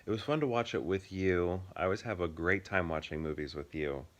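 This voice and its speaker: Deep-voiced easygoing man, thirties, casual co-host who rambles and laughs. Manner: easygoing, laughs often, drawn-out explanations. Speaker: podcast co-host. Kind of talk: casual chat.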